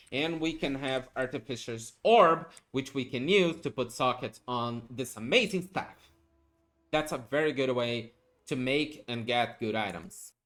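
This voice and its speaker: A man's voice: a little high, a bit bright. Casual guy walking you through game loot, chatty, keeps saying okay?, gets hyped over good finds. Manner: chatty, explanatory, ends points with a questioning "okay?". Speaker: gaming guide creator. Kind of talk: casual screen-recorded game tutorial.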